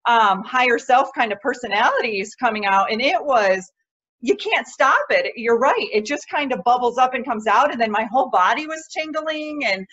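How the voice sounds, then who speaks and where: A woman host speaks animatedly in a conversational interview, telling her own story before asking her guest a question. Her voice sits a little high. The sound is dull and lo-fi, like a remote call. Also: moderate pace. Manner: animated, shares personal experience. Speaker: podcast host.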